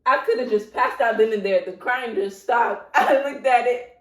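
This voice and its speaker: A woman telling a childhood story in casual chat, animated and laughing, acting out voices. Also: a little high, moderate pace. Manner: animated, laughing, acts out voices in her stories. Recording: roomy echo.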